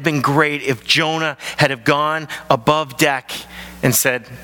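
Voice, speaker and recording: A man preaching a sermon as pastor of his church, telling the story in an animated way and acting out the voices. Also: a little high, unhurried. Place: large church hall. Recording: long hall reverb.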